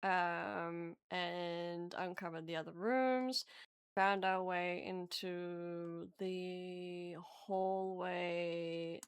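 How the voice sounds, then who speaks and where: A woman player recaps the previous tabletop session, taking her time and filling gaps with ums. Her voice is smooth and resonant, and she talks at a slow pace. The recording is dry and close. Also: on the low side, no echo. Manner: unhurried, searching with ums, giggly. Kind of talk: casual chat and session recap.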